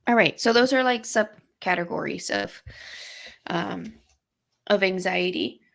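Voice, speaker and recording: Gravelly low-voiced woman explaining casually. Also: fairly bright tone. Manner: explains brain science plainly, many fillers and restarts. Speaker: podcast co-host.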